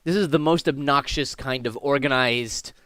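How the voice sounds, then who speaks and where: A man's voice: mid-range voice, moderate pace, fairly bright tone, no room sound. A man running a tabletop game as game master, describing scenes in a rambling way with many fillers and restarts.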